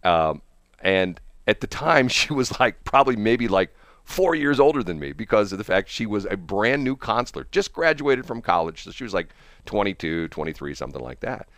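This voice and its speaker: A man's voice: lowish voice, very animated, normal speed, a bit bright, no room sound, studio quality. An older man chatting casually over a call, telling a long rambling story and laughing often. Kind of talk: casual chat.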